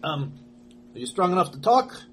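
This is a helpful caretaker, as a man puts him on, with a much higher voice. He speaks kindly and coaxingly, and rather loudly. Faint hiss sits behind him. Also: sing-song, normal speed. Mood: caring. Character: helpful male caretaker tending a stranger.

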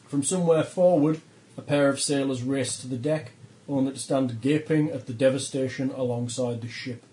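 A man's voice: medium pitch, moderate pace, warm tone, poor audio. A man running a tabletop role-playing session as game master, narrating the scene with frequent ums and uhs.

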